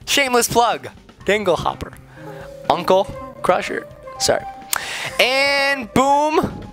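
A man hosting a family gaming video, giving excitable, goofy commentary while playing. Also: very high-pitched, takes it slowly, vocal fry, faint music behind. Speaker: family gaming channel host. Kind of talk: playful gameplay commentary.

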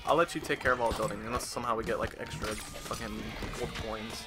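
A man's voice: mid-range voice, fairly even intonation, fast talker, over music. A man playing a co-op game with a friend, talking in a casual, flustered way and swearing a lot. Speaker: co-op game player. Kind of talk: casual gaming chat.

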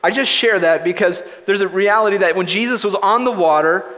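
A man preaching a conversational sermon as pastor, telling stories in a relaxed, anecdotal way, recorded in a church sanctuary. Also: high-pitched, fairly quick. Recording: reverberant, dull lo-fi livestream audio.

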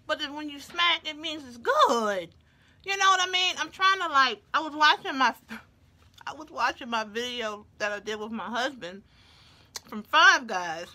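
A woman's voice: high voice, lively intonation, moderate pace, sharp tone. Chatty woman vlogger eating on camera. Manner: chatty, playful, talks while chewing. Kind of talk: casual chat to viewers while eating.

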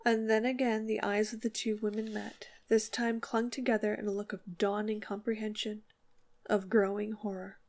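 A woman narrating a classic short story as an audiobook, in a measured, expressive reading. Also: mid-range voice. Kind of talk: scripted narration.

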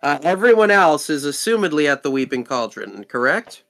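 A man narrating a tabletop game as game master, easygoing and full of "uh" and "um" pauses. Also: fairly high pitch. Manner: relaxed, with frequent fillers.

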